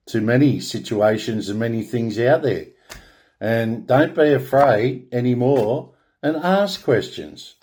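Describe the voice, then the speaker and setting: An Australian man delivering a rambling solo monologue, halting and restarting words, then declaring his points in grand, proclaiming tones. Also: medium pitch, a little mellow. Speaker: online spiritual speaker.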